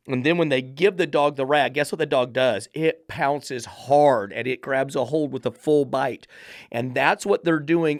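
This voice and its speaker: A man's voice: on the high side, no room sound, studio quality. A man who trains dogs and hosts a podcast, ranting in a blunt, profane, emphatic monologue. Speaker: dog trainer and podcast host.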